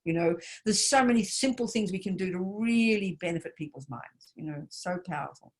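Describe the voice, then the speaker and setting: A woman's voice: lowish voice, lively intonation, a little fast. A woman Buddhist nun giving an online teaching talk over a video call, emphatic and direct, speaking personally to her listeners.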